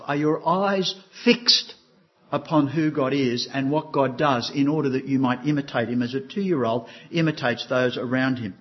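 Older male pastor, earnest sermon voice, mid pitch, muffled lo-fi sound. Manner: earnest, asks the congregation questions.

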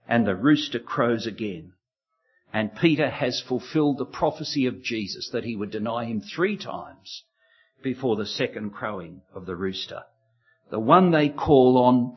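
A man's voice: medium pitch, animated, moderate pace, husky, dull audio, soft background music. A man preaching an expository sermon, walking through verses and setting emphatic contrasts in rhythmic pairs.

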